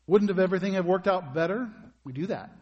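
Husky-voiced pastor preaching in a hall. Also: male voice, high voice, quick pace, highs cut off. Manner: conversational preaching, asks the congregation questions. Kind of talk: sermon.

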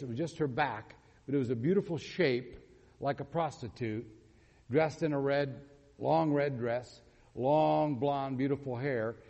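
A man preaching a sermon, telling a story, acting out the quotes and asking the congregation questions. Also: medium pitch. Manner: animated, acts out quotes, asks the audience questions. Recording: long hall reverb.

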